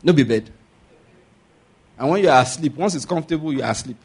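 Pastor guy, high husky voice, preaching hard and calling for amens. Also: lively intonation, fast, a little mellow. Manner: emphatic, asks the congregation for amens. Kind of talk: sermon.

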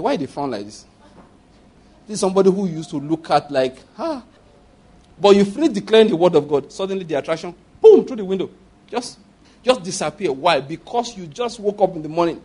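Male pastor, somewhat higher voice, husky, animated sermon delivery. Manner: animated preaching with rhetorical questions and acted prayers.

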